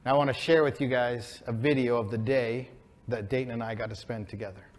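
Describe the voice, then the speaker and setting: A man in his forties telling an emotional, inspiring story on stage as a keynote speaker, building to excited peaks. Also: medium pitch, brisk. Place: stage before a live audience.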